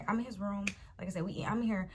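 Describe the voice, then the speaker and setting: A woman's voice: mid-range voice, fast, a little hiss or hum. A young woman vlogger telling a dramatic storytime, talking straight to her viewers. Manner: animated, dramatic retelling, talks to viewers as y'all and baby. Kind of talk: storytime vlog.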